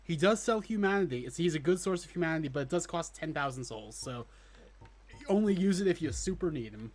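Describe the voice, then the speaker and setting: A man's voice: on the high side, expressive, a little fast, a little hiss or hum. Chatty guy commentating his gameplay. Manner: chatty, self-deprecating, casual swearing. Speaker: streamer playing a game. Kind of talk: casual let's play commentary.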